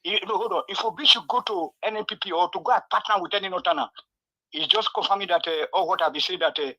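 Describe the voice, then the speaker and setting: A Nigerian man calls in over a tinny phone line to give his opinion. His voice is high and very bright. He hesitates often with fillers and drops into pidgin. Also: fast talker. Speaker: caller.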